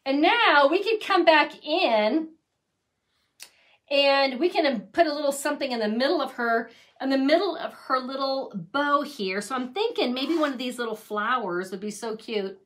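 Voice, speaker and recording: A middle-aged woman with a high voice walks through a craft project in a casual, chatty way. She gushes and dotes on each little piece she makes. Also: moderate pace, a bit bright. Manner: gushing, chatty, doting on her crafts. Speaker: craft channel host.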